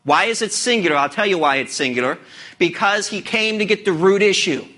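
A man preaching a sermon, asking the listeners earnest rhetorical questions with dramatic pauses. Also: high-pitched, sharp tone. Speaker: pastor.

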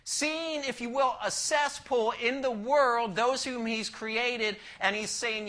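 Bright-voiced man preaching dramatically. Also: extremely high pitch, fairly even intonation, takes it slowly, hardly any pauses. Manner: dramatic swings from loud emphasis to near-whisper; asks the listeners rhetorical questions. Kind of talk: expository sermon.

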